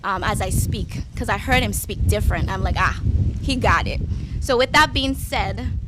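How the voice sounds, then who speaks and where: A woman reading a psalm aloud at a memorial service in a measured, prayerful way. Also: medium pitch, heavy background noise. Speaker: scripture reader at a memorial service. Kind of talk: slow scripture reading.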